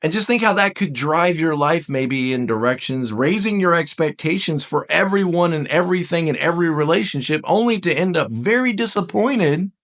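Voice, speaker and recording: A man gives a relaxed, conversational lesson on personality types, speaking straight to the viewer. His voice sits a little high and swings widely in pitch as he reads out passages from a book and reacts to them. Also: normal speed, few pauses. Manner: animated, talks straight to the viewer. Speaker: Enneagram teacher. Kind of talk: casual spoken lesson.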